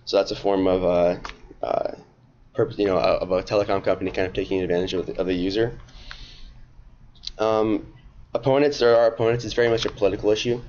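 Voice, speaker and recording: Male student presenter, a bit hoarse, lowish voice, casual filler-heavy delivery, dull classroom audio. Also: fairly even intonation, brisk, long pauses, a little mellow, slight background noise. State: slightly hoarse.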